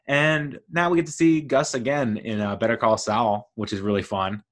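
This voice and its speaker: A man's voice: medium pitch, normal speed. A man hosting a solo podcast, talking through his thoughts in an enthusiastic, rambling way. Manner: enthusiastic, rambling, lively storytelling. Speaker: podcast host.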